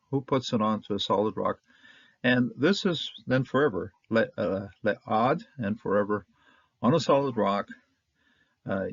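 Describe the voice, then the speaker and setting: A man giving a casual Bible lesson, halting with many fillers and restarts, sounding out Hebrew words slowly. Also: mid-range voice, breathy edge, dry recording. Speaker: Bible teacher. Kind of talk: casual lecture. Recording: dull, dry, lo-fi sound.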